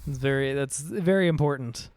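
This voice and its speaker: A man's voice: mid-range voice, normal speed, background noise. A man streaming a game, chatting casually and joking with his viewers. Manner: playful, jokey, chatty with viewers. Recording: faint music behind.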